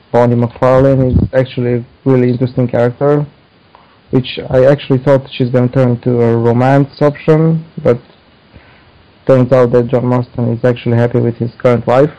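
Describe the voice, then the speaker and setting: A man's voice: medium pitch, dark tone. A man in a casual podcast chat, laid-back and hesitant. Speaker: podcast co-host. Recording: dull lo-fi audio.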